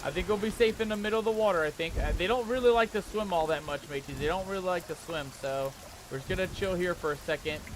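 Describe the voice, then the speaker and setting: A man's voice: high-pitched, fast talker, very noisy. A man hosting a let's play, talking to viewers as "mateys" with pirate slang and breaking into panicky yelps when scared. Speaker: gaming channel host.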